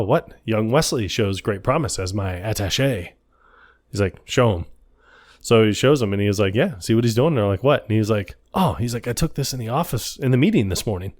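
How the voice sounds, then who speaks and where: Animated man recapping a film. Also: lowish voice. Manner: animated, quotes film scenes in funny voices, laughs often. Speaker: podcast co-host. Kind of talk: casual movie recap chat.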